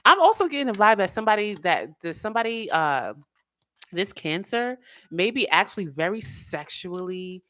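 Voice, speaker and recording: A woman giving a casual tarot reading in an animated way, full of slang, acting out the voices she quotes. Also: medium pitch, moderate pace. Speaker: tarot reader.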